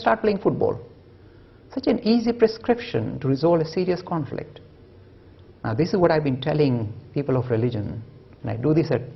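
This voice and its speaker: A man's voice: a little high, gravelly, breathy edge, highs cut off. A man giving a public lecture, storytelling with humor and emphatic delivery.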